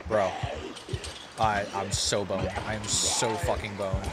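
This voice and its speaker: A man streaming a game live, commenting as he plays, excitable and quick to swear in frantic reactions. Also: on the low side. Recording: loud music under the voice.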